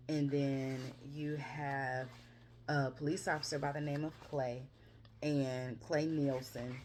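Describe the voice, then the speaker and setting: A woman's voice: extremely low pitch, slight background noise. A woman recapping a book in a casual, rambling chat, gushing about it and correcting herself often. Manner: rambling, chatty, with frequent fillers and self-corrections; animated, gushing and expressive. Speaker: book reviewer.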